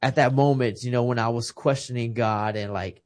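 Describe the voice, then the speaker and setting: A man in his thirties from Texas tells a deeply personal story as a podcast guest, with his voice sitting in a plain middle pitch. He talks with heartfelt emotion and often stumbles over his first words before getting the thought out. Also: steady tone, moderate pace. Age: 30s. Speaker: podcast guest, retired boxer. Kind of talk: casual conversation.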